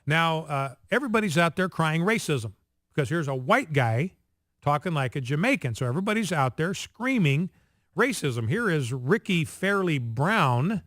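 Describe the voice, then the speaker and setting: Male radio host, a bit high-pitched, dry studio mic; emphatic commentary, leans on numbers and rhetorical questions. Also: animated, a bit bright, no room sound. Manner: emphatic, slows down to stress figures; rhetorical questions and repeated phrases.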